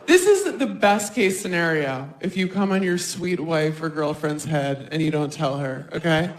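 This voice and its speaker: A woman works a live stand-up set into a handheld mic, chatty and animated. She keeps darting into quick put-on voices for other people as she tells her bits. The sound carries a roomy stage echo, with a faint hum of noise behind her. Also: deep voice. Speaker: stand-up comedian.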